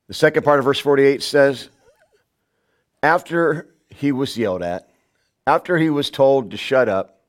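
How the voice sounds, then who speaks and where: A pastor preaching a sermon, shouting some lines and dropping to a hushed voice on others. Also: male voice. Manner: dynamic preaching, swings from loud shouts to hushed low lines.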